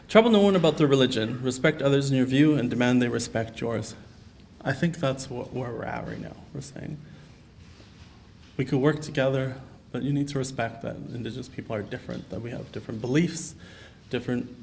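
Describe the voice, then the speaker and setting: Male keynote speaker, mid-pitched, earnest storyteller, light room noise under the mic. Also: creaky, a little mellow. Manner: earnest, personal storytelling with frequent fillers. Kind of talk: conference keynote talk. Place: conference hall.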